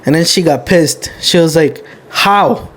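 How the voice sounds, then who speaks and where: A man's voice: on the high side, moderate pace. A young man hosting a podcast, telling a personal story candidly and with emotion, swearing often. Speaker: podcast host. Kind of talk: casual podcast chat.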